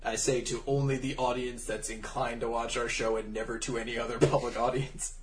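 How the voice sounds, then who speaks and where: A man's voice: medium pitch, level tone, fairly quick, echoey room, far from the mic, a little hiss or hum. A man co-hosting a casual podcast, crude and hyperbolic, laughing often. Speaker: podcast co-host.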